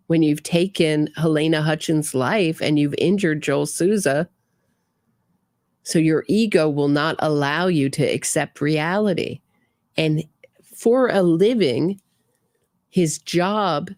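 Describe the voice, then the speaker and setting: A woman's voice: deep voice, darkish tone, no room sound, studio quality. A middle-aged woman hosting a casual true crime livestream, giving opinions and reading viewer comments aloud.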